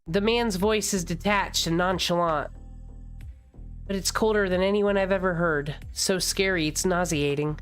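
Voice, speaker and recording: A woman reading a visual novel aloud in the first person, expressive and dramatic, with jokey asides. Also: medium pitch.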